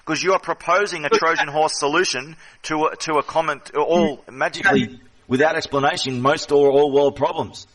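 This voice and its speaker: A man's voice: on the high side, fairly even intonation, fairly quick, fairly bright tone, rough recording. A man hosting an online voice chat, ranting aggressively and profanely in a heated debate.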